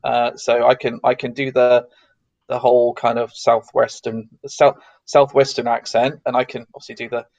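A man's voice: mid-range voice, level tone, normal speed, darkish tone, no room sound, lo-fi sound. A man from the south of England with a neutral English accent, chatting as an interview guest and rambling with many restarts. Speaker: guest, security consultant. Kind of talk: casual interview chat.

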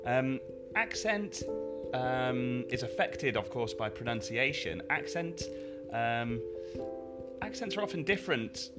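A man from the north of England with a northern English accent, an English teacher answering podcast questions in a measured, explanatory way with frequent ums. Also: mid-range voice, very animated, loud music behind the voice.

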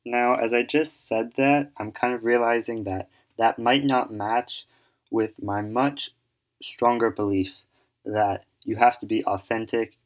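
A man explaining an idea in casual, rambling talk, full of fillers and restarts as he thinks aloud. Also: fairly low pitch. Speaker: solo speaker giving advice.

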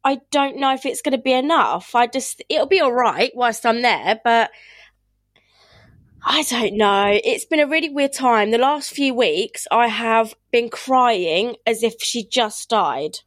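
A woman's voice: on the high side, measured pace, a bit bright, no room sound. A woman, chatting candidly and emotionally on a podcast, often laughing and restarting her sentences. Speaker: podcast host. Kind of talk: casual chat.

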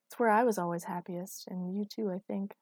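A woman narrator voicing a worn-out, aging man who speaks gently and softly. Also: medium pitch, fairly even intonation, brisk, dry recording, natural voice. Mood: tender.

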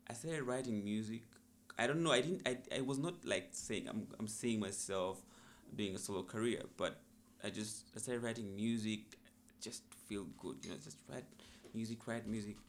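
A man's voice: fairly low pitch, fairly even intonation, moderate pace, a little hiss or hum. A young man, a musician, telling his story in a casual podcast interview in a laid-back, reflective way. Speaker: musician guest.

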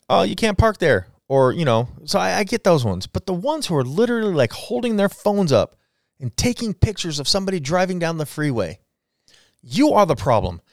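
A man's voice: fairly high pitch, no echo, studio quality. A man in his forties hosting a solo podcast, ranting bluntly and swearing freely. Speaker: podcast host. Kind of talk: casual solo podcast rant.

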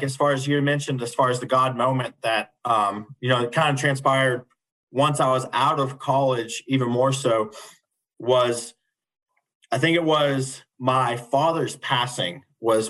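A man's voice: medium pitch, fairly bright tone, poor audio. A young man from the United States, a teacher and podcast guest, telling a personal story in an earnest, casual way, often repeating words as he goes. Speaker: guest, special education teacher.

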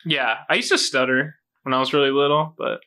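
Young female guest, bright tone, hesitant casual talk. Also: extremely low pitch, steady tone, brisk. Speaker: podcast guest. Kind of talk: casual chat.

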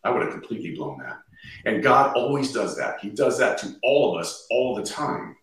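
A man's voice: fairly low pitch, very animated, normal speed, a bit bright. A man, a podcast guest, earnestly sharing his faith and quoting scripture freely in conversation. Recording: echoey, distant from the mic.

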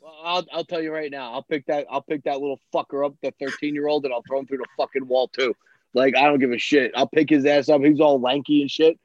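A man's voice: mid-range voice, steady tone, fast talker, dry recording. Male co-host, foul-mouthed and blunt, muffled dry recording. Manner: blunt, profane, ranting. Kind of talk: casual chat. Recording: dull lo-fi, dry.

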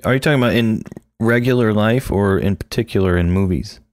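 A man's voice: fairly low pitch, fairly quick, darkish tone, no room sound, studio quality. A man co-hosting a podcast, chatting casually about a film and acting out lines in playful voices. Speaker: podcast co-host. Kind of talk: casual film commentary chat.

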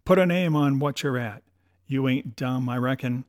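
A man voicing a menacing old pirate cook and captain, blustering in rough seafaring talk. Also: mid-range voice, normal speed, a little mellow, no room sound, clean studio sound, lightly acted. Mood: roaring.

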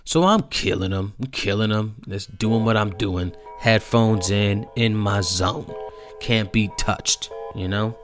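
A young man telling a story casually, animated and profane, repeating himself and growing heated. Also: on the low side, takes it slowly, faint music behind.

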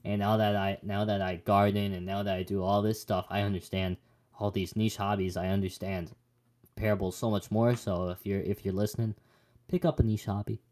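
A man's voice: lowish voice, flat delivery, fairly quick, darkish tone. Casual young man talking Bible. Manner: rambling, joking, many restarts. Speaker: podcast co-host.

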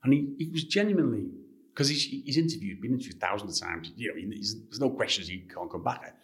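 A man from Liverpool with a Liverpool accent, a guest author telling anecdotes in an interview in an animated way. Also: fairly low pitch, quick pace. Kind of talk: interview storytelling.

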